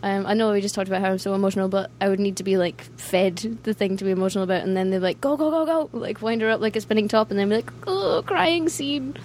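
A woman's voice: medium pitch, flat delivery, racing, few pauses, darkish tone, slight background noise. A woman with a Scottish accent, a musician guest in a casual interview, chatty and self-deprecating, laughing often as she talks. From Scotland.

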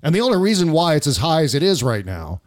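A man's voice: on the high side, very animated, fast. A man hosting a podcast, giving heated, profane political commentary in a casual tone, often breaking off and restarting his sentences. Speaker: podcast host.

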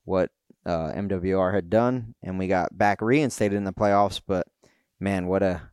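A middle-aged man, co-host of a podcast, recounting a pit crew story in a relaxed, plainspoken way. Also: low-pitched, unhurried, clear, resonant tone, no echo, studio quality. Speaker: podcast co-host, former tire changer. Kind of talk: casual storytelling chat.

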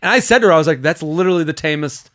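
Animated young man telling a story. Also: a little high, rapid-fire. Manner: animated storyteller, acts out quotes, swears freely. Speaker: podcast host. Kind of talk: casual chat, storytelling.

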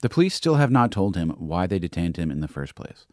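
Male podcast host, deep-ish, animated script read with pointed emphasis. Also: a little fast, dry recording, studio quality. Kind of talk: scripted narration.

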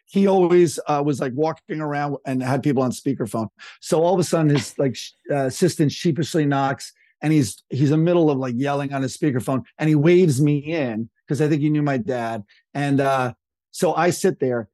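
A middle-aged man chats as a podcast guest, rambling through anecdotes and acting out the people in them. His voice sits a little high for a man. The sound is dry and close. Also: mellow, dry recording. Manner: chatty, rambling, acts out quoted people. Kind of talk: casual anecdotal storytelling.

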